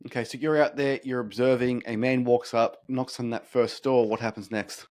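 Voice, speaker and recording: A man's voice: mid-range voice, fairly even intonation, darkish tone. Australian man hosting, calls everyone mate. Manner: friendly, blokey, says mate a lot, rapid follow-up questions. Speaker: podcast host. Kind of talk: casual interview chat.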